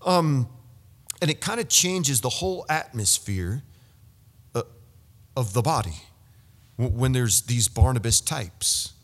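A man's voice: mid-range voice, lively intonation, measured pace, pauses often, fairly bright tone. A man preaching a sermon, telling a story with many stammered restarts. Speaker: pastor. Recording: long hall reverb.

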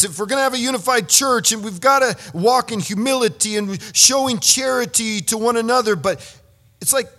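A man's voice: extremely high pitch, fairly quick, sharp tone. A man preaching a sermon, telling a story with many stammered restarts. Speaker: pastor. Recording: long hall reverb.

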